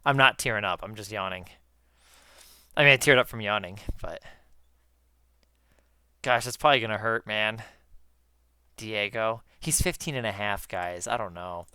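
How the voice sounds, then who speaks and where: Excitable man chatting while gaming. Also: on the low side, normal speed, long pauses, smooth, no room sound, studio quality. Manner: excitable, swears casually, addresses viewers as guys. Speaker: gaming YouTuber. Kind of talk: casual chat while gaming.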